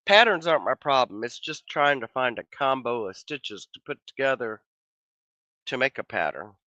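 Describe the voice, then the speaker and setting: Bright-voiced, slightly hoarse man rambling on. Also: medium pitch, animated, normal speed, dry recording. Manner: rambling, easygoing, with frequent trailing restarts. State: slightly hoarse, losing his voice. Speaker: livestream host. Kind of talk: casual livestream chat. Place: home office. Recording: slightly dull lo-fi sound.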